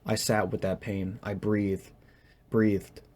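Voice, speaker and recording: Halting, hesitant young man, low-pitched. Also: flat delivery, a little mellow. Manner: halting, hesitant, searching for words. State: tense. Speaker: vlogger. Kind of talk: personal confessional monologue.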